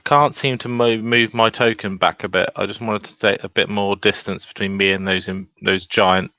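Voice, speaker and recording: A man's voice: on the low side, fairly even intonation, normal speed, pushed and bright, no echo. A man playing a tabletop game online, talking casually and thinking aloud over his moves. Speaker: player. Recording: dry, dull home mic.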